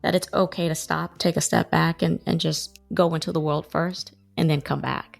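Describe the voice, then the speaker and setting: A woman's voice: low voice, fairly even intonation, moderate pace, creaky, soft background music. A woman hosting a podcast interview, upbeat and affirming, closing the episode with a prepared outro. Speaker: podcast host.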